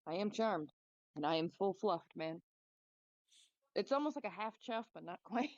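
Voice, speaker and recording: A woman's voice: medium pitch, lively intonation, moderate pace, no echo. Playful woman player, dull audio. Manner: playful, exclaiming. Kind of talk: tabletop game table talk.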